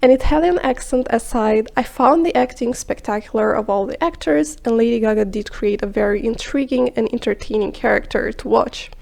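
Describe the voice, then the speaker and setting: A woman with a fairly high voice reads a film review from a script. She speaks in a measured, explanatory way and now and then drops into a hushed aside. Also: creaky. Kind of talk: scripted video narration.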